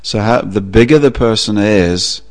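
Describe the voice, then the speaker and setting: A man preaching a sermon, telling a story with a relaxed, anecdotal manner and frequent pauses. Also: lowish voice. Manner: anecdotal, with fillers. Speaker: religious preacher.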